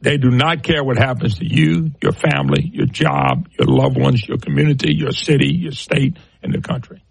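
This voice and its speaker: A man's voice: medium pitch, very animated, normal speed, vocal fry, slightly rough, no room sound. A middle-aged man hosting a political talk radio show, ranting scornfully and firing off rhetorical questions.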